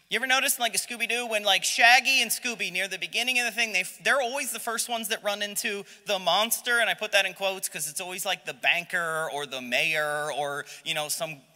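A man leads a Sunday school Bible lesson in a high, bright, lively voice that swings all over the place. He jokes and acts out the people in the story. The room gives a long echo. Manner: animated, jokey, acts out voices of Bible characters. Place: church classroom. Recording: long hall reverb.

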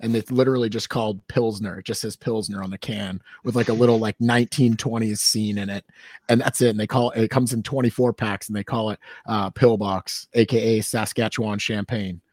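A man's voice: fairly low pitch, steady tone, quick pace, darkish tone, no echo, studio quality. A man co-hosting a fan podcast, telling rambling stories in casual chat. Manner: chatty storyteller, rambling asides. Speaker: podcast co-host.

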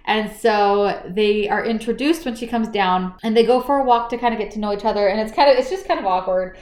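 A woman casually recapping a novel in a chat, animated and quick to act out what characters said. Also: mid-range voice, echoey room. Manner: chatty, animated retelling with acted-out quotes and laughs. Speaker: book podcast co-host.

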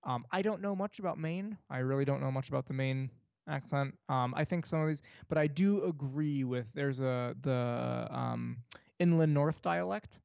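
A man's voice: medium pitch, moderate pace, gravelly, a little mellow, clear, resonant tone, dry recording. A young man from New York State co-hosting a casual podcast chat, rambling with many fillers and restarts. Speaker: podcast co-host. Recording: dry, dull lo-fi podcast mic.

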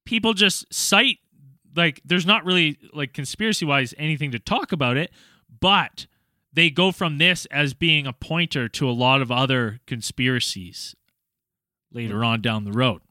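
A man hosting a casual podcast, chatty and relaxed, reading listener stories and steering the talk. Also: fairly high pitch, normal speed, no room sound. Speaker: podcast host.

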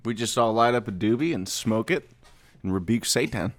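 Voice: medium pitch, expressive, moderate pace. A speaker from California in casual podcast chat, joking and laughing a lot.

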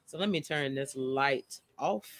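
A woman with an extremely low-pitched voice speaks a little slowly while hosting a casual live stream. Chatty and emotional, she addresses her viewers directly from outdoors, next to a motion-sensor light in the wind.

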